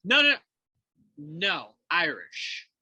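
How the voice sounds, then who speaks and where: High bright-voiced animated man. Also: extremely slow, breathy edge, no echo, low-quality recording. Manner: animated, laughs often, quotes people in put-on lines. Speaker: podcast co-host. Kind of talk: casual chat.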